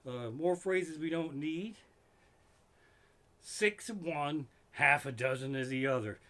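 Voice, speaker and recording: A man's voice: on the high side, slow, a bit bright. A middle-aged man, a stand-up comedian, doing an exasperated, profane comedy rant live from his living room. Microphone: microphone in front of him.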